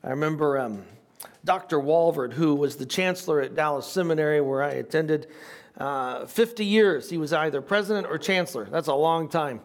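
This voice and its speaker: A man's voice: a little high, moderate pace. An older man preaching a conversational Bible lesson, reading passages aloud and adding casual asides with light laughter. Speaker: pastor teaching a Bible study. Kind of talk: sermon.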